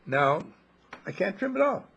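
Older man, gravelly, husky, lively pitch, folksy reflective talk. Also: measured pace, lo-fi sound, a little hiss or hum. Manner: gentle, rambling, folksy, with chuckles. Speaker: inspirational speaker.

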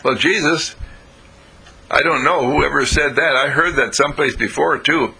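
A man's voice: normal speed, vocal fry, pushed and bright, husky, exaggerated voice, rough recording. A man voicing an eager, curious male friend in a told story, asking questions in a raised voice. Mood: amazed. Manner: questioning, wide-eyed, raised pitch.

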